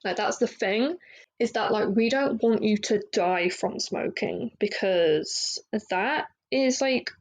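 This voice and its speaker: A woman's voice: mid-range voice, takes it slowly, rough recording. A young woman hosting a casual solo podcast, talking candidly and rambling with lots of fillers and restarts. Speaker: podcast host.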